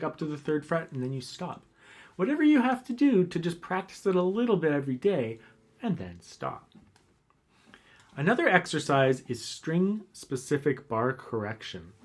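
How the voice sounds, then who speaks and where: A man teaching a guitar lesson, explaining calmly and counting beats aloud as he demonstrates. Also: fairly high pitch. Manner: relaxed, counts beats aloud while playing. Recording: faint guitar playing behind.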